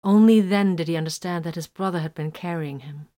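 A woman reading a science-fiction story aloud in an even, measured narration. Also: lowish voice. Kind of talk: scripted narration of fan fiction.

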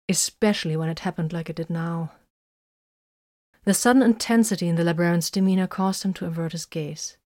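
A woman narrating a story in scripted narration, reading in a measured, even way. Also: fairly low pitch, dry recording, clean studio sound.

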